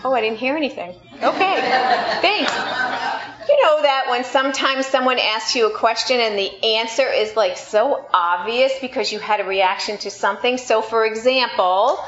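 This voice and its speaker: A woman from New York delivers a sermon, her voice sitting a bit high. She tells everyday stories with a playful, sarcastic edge. The sound is echoey and a little dull, as if recorded in a large room. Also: normal speed. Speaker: pastor.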